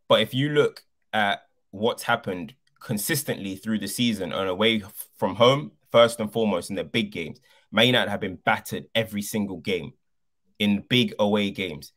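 A man's voice: on the low side, a bit bright. A man co-hosting a football podcast, arguing passionately and repeating his points for emphasis.

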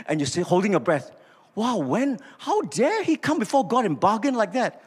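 An older man with a Malaysian English accent preaches a sermon in a large church auditorium, his high-pitched, slightly breathy voice at a moderate pace. He tells stories with animation, acts out dialogue and asks the congregation to respond. The recording carries the reverberation of the church hall.

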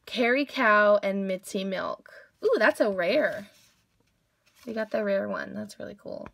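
A woman's voice: mid-range voice, a little slow, gravelly, a bit bright, dry recording. A young woman hosting a casual toy unboxing video, gushing over each cute toy with gasps and squeals.

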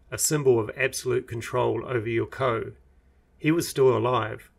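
A man reading his own fantasy novel aloud in measured, even audiobook narration. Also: medium pitch, creaky.

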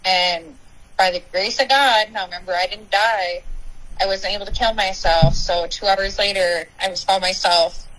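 A woman's voice: mid-range voice, fairly even intonation, normal speed, fairly bright tone, faint music behind, low-quality recording. A young woman, a podcast guest, candidly and emotionally telling her personal recovery story.

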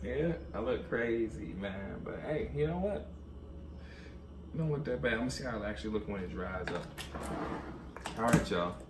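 A man's voice: lowish voice, normal speed, long pauses, noisy background. A young man chatting casually and joking in a home vlog, slangy and a little nervous, recorded from a distance. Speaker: vlogger. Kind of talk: casual chat. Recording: echoey room, mic at a distance.

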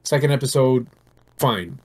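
Husky man rambling in casual chat. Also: mid-range voice, measured pace. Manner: rambling, animated storytelling. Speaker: podcast co-host.

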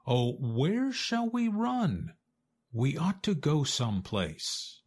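A man's voice: huge pitch swings, slow pace, full character voice. A man doing a frightened little hen. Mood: alarmed. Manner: high, urgent, anxious. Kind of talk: storybook reading.

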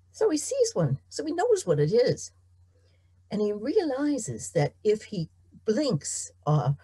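A middle-aged woman storyteller telling a folk tale in an animated, expressive way. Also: fairly low pitch, husky, dry recording.

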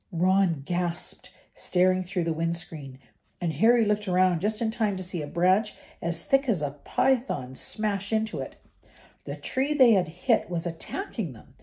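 An older woman reads a chapter book aloud for her grandchildren, her voice mellow and slightly low for a woman. She reads gently, now and then tripping on a word and starting it over. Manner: gentle reading with small slips and restarts. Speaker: storybook reader for her grandchildren. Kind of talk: reading a novel aloud.

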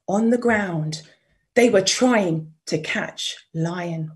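A woman storyteller reading a children's story aloud, expressive, dropping to whispers and inviting listeners to join in. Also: medium pitch, takes it slowly.

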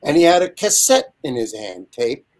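A man in his seventies, a guest telling a lively, animated anecdote over a video call. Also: medium pitch, normal speed. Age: 70s. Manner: lively, animated storyteller with frequent asides. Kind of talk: casual anecdote storytelling.

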